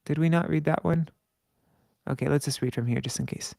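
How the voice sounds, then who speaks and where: A man reading scripture aloud with commentary. He chants verses slowly and stops to correct his own slips. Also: mid-range voice, huge pitch swings, gravelly, darkish tone, no room sound. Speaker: scripture reader.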